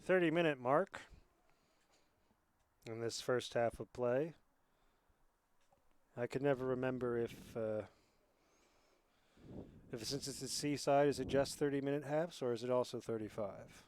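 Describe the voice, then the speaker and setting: A man commentating on a school rugby match from a small booth beside the pitch. He talks in a loose, rambling way full of asides, then jumps up in energy when a play breaks open. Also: a little slow, long pauses, clean tone. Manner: chatty, rambling asides, excited bursts on plays. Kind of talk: amateur sports commentary.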